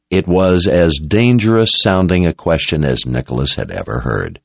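A man reading fantasy fiction aloud in a measured, dramatic storytelling style. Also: deep voice, vocal fry, no room sound. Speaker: audiobook narrator. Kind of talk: scripted fantasy narration. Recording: dull lo-fi recording.

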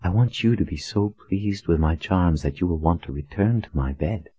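A breathy, teasing young woman who coaxes in soft murmurs, played by a male narrator. Her voice stays husky and close, in a dull, muffled recording. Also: low voice, normal speed, no echo. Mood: coaxing.

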